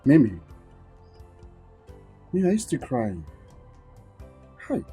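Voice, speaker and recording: An actor with a Nigerian accent playing a gentle father, softly coaxing and soothing a crying child. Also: mid-range voice, sing-song, takes it slowly, breathy edge, soft background music, full character voice. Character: gentle father comforting his daughter. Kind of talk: Nollywood film acting.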